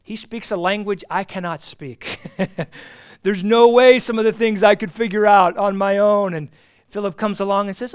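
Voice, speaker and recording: A man teaching an adult Bible class, earnest and emphatic, repeating key phrases and swinging between loud stresses and soft asides. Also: sits high, steady tone, moderate pace, clear, resonant tone.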